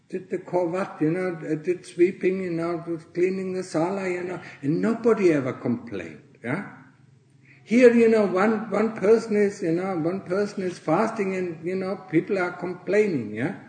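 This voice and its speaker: A man, a Buddhist monk, giving a Dharma talk to fellow monastics in a monastery, earnestly tagging nearly every phrase with "yeah?" or "huh?" and often clearing his throat. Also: high-pitched, moderate pace, mellow, echoey room, poor audio. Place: monastery in Thailand.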